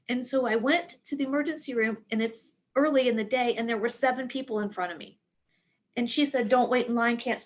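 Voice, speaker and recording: Animated woman telling a true story. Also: on the high side. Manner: animated, acts out quoted dialogue. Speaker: speaker sharing a work experience. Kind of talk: personal storytelling.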